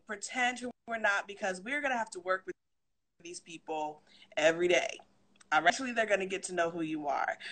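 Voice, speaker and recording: A woman's voice: fairly low pitch, a bit bright. A woman giving interview advice in an upbeat, encouraging casual chat.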